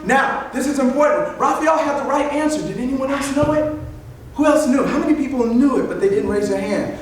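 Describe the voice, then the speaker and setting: A man telling stories live to a group of children, leading them in animated call-and-response. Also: extremely high pitch, fairly quick, distant mic, a little hiss or hum. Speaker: storyteller. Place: library event room. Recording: echoey room picked up from afar.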